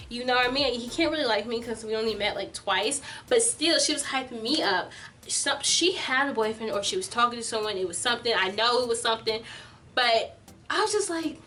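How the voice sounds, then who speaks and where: A young adult woman vlogger telling a storytime tale in an animated, filler-heavy way. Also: on the high side, recorded from a distance. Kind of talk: storytime vlog.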